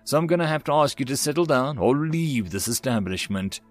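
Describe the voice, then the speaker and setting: A man voicing a small-town peace officer who speaks in a calm, matter-of-fact way. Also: medium pitch, a little fast, soft background music, lightly acted. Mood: steady.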